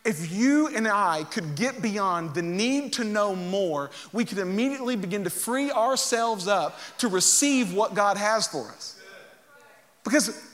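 A man preaching a sermon, reading scripture aloud and joking with animated energy. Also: sits high, measured pace. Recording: long hall reverb.

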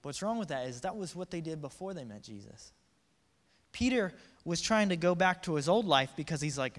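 Casual joking preacher in a big hall. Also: male voice, on the high side, a little fast. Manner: energetic, joking, acts out quotes in voices. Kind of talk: casual sermon. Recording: reverberant hall.

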